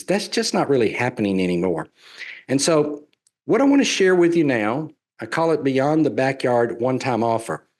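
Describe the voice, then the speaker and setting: A man's voice: mid-range voice, darkish tone. A man with a Southern US accent giving a sales presentation on real estate investing, folksy and persuasive, repeating his key points.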